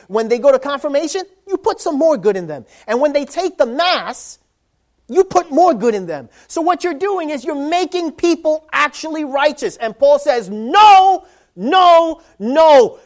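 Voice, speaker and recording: A man preaching a sermon, animated, swinging from loud emphasis to quiet low asides and acting out little scenes. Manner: animated, acts out voices of dads and kids. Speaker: pastor.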